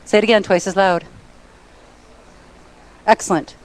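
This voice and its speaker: A middle-aged woman giving an energetic, playful motivational seminar talk, bossing a conference audience into call-and-response. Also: medium pitch, measured pace. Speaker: motivational speaker. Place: conference hall.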